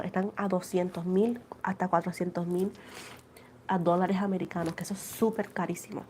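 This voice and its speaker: A chatty woman talks straight to her livestream audience, calling them "guys" and "girl". Her voice sits at an ordinary middle pitch. She tells little stories with animated energy and goes back over each point a second time. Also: a little hiss or hum. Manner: addresses viewers as "guys" and "girl". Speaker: tarot reader livestreaming. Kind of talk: casual livestream chat.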